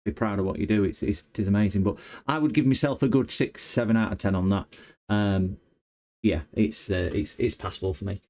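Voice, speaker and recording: Man, repair livestream host, slightly low mellow voice, rambling, halting delivery. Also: a little hiss or hum. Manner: rambling, hesitant, many fillers and restarts. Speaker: electronics repair streamer. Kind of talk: casual livestream chat.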